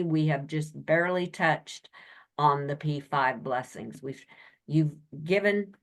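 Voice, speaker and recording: A woman podcast host who gushes praise at her guest. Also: low-pitched. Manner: effusive, gushing praise. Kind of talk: interview talk.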